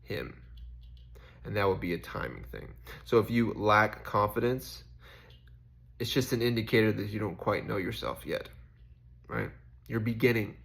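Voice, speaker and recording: Young man, lowish voice, casual reflective vlog, rambling, self-questioning, filler-heavy. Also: lively intonation, normal speed, vocal fry, pauses often, a bit bright. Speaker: faith vlogger.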